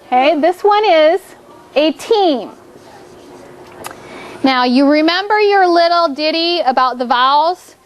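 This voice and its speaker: High-voiced upbeat woman teaching a class. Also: expressive, takes it slowly, long pauses, a little hiss or hum. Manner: upbeat, coaxing, playful game framing. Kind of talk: classroom phonics lesson.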